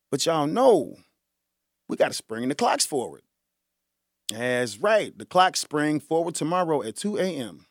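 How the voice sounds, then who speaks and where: A man hosting a casual solo podcast, animated and joking, who laughs often, breaks into bits of song and calls his listeners y'all. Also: fairly high pitch, no echo, clean studio sound. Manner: folksy slang, addresses listeners as y'all. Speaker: podcast host.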